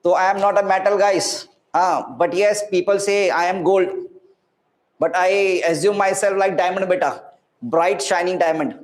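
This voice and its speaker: Indian guy teaching physics online, high voice, chatty and hyped, roomy echo. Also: steady tone, normal speed. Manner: chatty, encouraging, mixes Hindi words into English. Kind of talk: live online class talking to students. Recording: echoey room.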